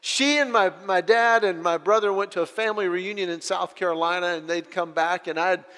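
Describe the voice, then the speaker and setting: A middle-aged man telling funny personal stories to an audience in an animated, self-deprecating way, often restarting his phrases. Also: high voice, fairly quick, clean tone, in a large hall. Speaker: speaker sharing a personal testimony. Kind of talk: humorous personal storytelling.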